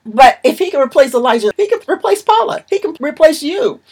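A woman's voice: sits high, very animated, a little fast, darkish tone. A woman preaching a sermon in an emphatic, repetitive manner.

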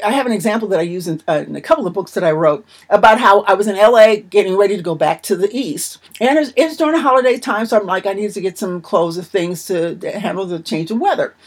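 A woman's voice: medium pitch, lively intonation, fast talker, few pauses, slightly rough. A woman preaching a sermon in an emphatic, repetitive manner.

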